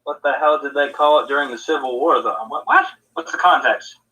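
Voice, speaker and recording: A man's voice: a little high, fairly quick, bright, forceful tone, poor audio. A man co-hosting a podcast in casual chat, rambling and laughing easily. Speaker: podcast co-host.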